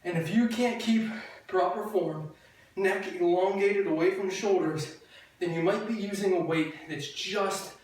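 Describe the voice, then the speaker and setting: A woman's voice: medium pitch, a little slow, a little mellow. Upbeat woman coaching a workout in an echoey room. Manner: upbeat, chatty and jokey, cueing moves as she does them. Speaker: fitness instructor. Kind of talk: workout coaching while exercising. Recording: very echoey room, distant mic, audible noise.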